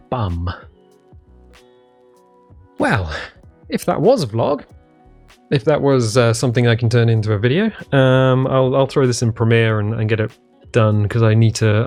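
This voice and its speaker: A man's voice: medium pitch, darkish tone. A man with an English accent talking casually to camera in a vlog from his living room, rambling and self-deprecating with many ums and restarts. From England. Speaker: vlogger.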